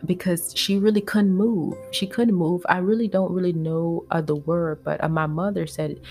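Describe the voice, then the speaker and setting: A woman with a low, gravelly voice recalls her family on a podcast. She speaks in a reflective, emotional way, often pausing with "uh" and "you know". Soft guitar plays faintly behind her. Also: steady tone. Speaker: podcast host. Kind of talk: personal storytelling podcast.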